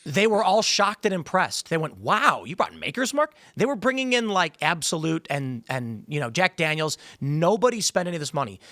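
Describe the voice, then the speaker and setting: A man's voice: on the high side, animated, fairly quick, few pauses, a bit bright, no echo. A man hosting a podcast, telling anecdotes in a casual, rambling way that often restarts sentences. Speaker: podcast host. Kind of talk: casual political chat.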